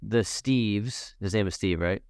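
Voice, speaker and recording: A podcast host with a low, smooth, resonant voice who keeps the interview easygoing and asks long, winding questions. The sound is dry and close, with no room around it. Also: male voice, a little slow, a little mellow, no room sound. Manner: easygoing, laughs readily, asks rambling questions. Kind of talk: casual interview chat.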